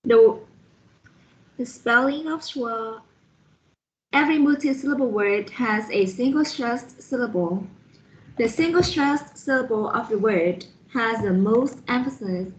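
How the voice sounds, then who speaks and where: A woman with a fairly high voice walks through a phonetics lesson at a very slow, careful pace. She spells words out letter by letter as she explains them. The sound is dull and lo-fi. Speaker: student presenter reviewing a phonetics lesson.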